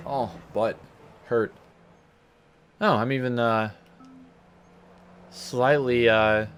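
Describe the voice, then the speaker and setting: A let's play gamer with a medium-pitched, slightly bright voice plays a racing game from home, rambling casually and joking at his own expense. He sings silly stutters along the way, and a little hiss or hum is audible.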